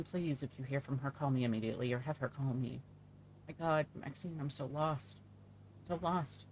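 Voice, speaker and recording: A man's voice: medium pitch, slight background noise, natural voice. A man reading out the texts of a grieving middle-aged mother, in a pleading, anxious voice. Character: grieving middle-aged mother texting her daughter's friend.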